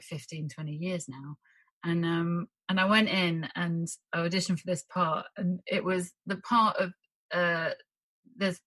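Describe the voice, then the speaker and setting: A woman's voice: lowish voice, pushed and bright, no room sound, low-quality recording. A woman, an actress, chatting casually, laughing often and acting out little quotes as she tells stories. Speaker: actress guest. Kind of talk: casual chat.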